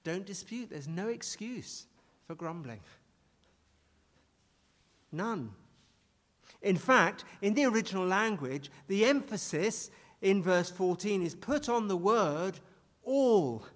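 A man's voice: high voice, expressive, slow, pauses often. A man preaching a sermon, stressing and repeating key phrases as he leads his listeners through the text. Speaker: pastor. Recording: long reverb of a large hall.

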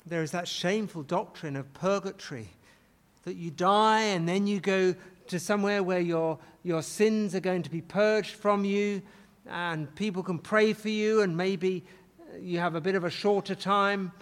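Slow, high-voiced preacher in a reverberant hall. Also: male voice. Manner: dramatic, acts out quoted pleas with rising intensity. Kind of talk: sermon.

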